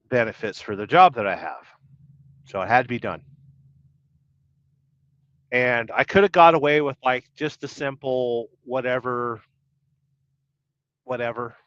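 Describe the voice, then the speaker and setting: A man's voice: mid-range voice, fairly bright tone, no room sound. A middle-aged man hosting a casual trucker livestream, reading viewer comments with wry, rambling banter. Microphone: podcast-style audio only. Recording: dull lo-fi dry stream audio.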